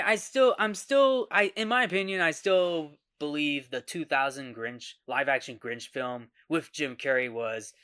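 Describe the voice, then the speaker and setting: A man hosting a casual film review monologue, talking in a halting way that often restarts and repeats words. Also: on the high side, a bit bright, dry recording, studio quality. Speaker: host.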